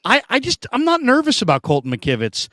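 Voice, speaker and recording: A man's voice: very high-pitched, wildly swooping pitch, fairly quick, fairly bright tone, no room sound. A man hosting a casual sports talk show, chatting and reading out viewer comments.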